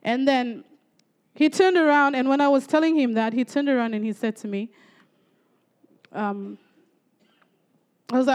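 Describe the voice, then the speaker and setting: With an unhurried delivery and long pauses, a high-voiced woman from the Torres Strait, Australia, gives a church testimony. She recounts it as a lively story, frequently interjecting praise.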